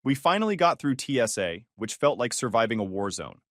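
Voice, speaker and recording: A man's voice: medium pitch, sing-song, fairly quick, no echo. A man narrating a first-person story with a dry, sarcastic delivery.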